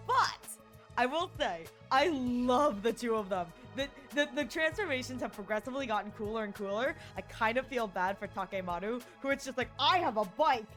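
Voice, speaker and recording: A woman streamer chatting casually over her gameplay, giggly and animated, often slipping into silly voices. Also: a little high, moderate pace, soft background music.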